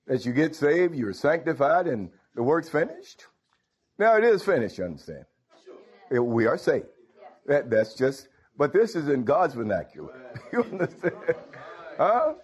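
A man preaching a sermon, firing rhetorical questions and swinging from low murmurs to loud exclamations, with chuckles between phrases. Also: sing-song, a little slow, long pauses, slightly rough.

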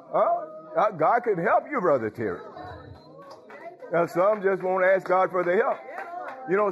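In lo-fi sound, a slightly high-voiced man preaches loosely to a small church congregation. He's folksy and chuckling, calling out to the people, who answer back, and he repeats his phrases again and again.

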